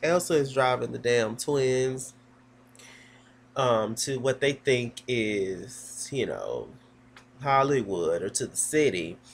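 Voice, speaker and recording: A man's voice: medium pitch, lively intonation, takes it slowly, gravelly, a little hiss or hum. A man giving a casual, gossipy recap of a TV episode, sassy and full of fillers.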